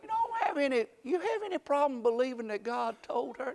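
A man preaching a sermon, shouting some lines and hushing others, with folksy repeated questions to his congregation. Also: extremely high pitch, very animated, brisk, vocal fry, hardly any pauses. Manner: swings from shouted calls to hushed asides.

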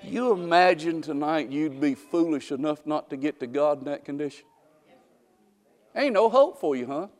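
A man preaching a sermon, swinging from loud, mocking exclamations to hushed, slow passages. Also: fairly high pitch, animated, big-room sound. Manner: dramatic, swings from shouting to hushed, mocking asides.

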